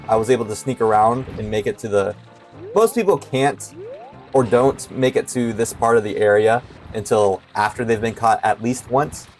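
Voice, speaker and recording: A man's voice: on the low side, darkish tone. A young man giving casual commentary while playing a video game, hesitant and full of filler words. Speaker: streamer.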